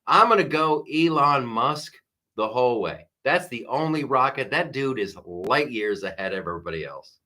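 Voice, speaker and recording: A man hosting a live stream, joking through the news in animated commentary and putting on quick voices. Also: mid-range voice. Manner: animated, jokey, mimics voices, laughs often. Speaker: host.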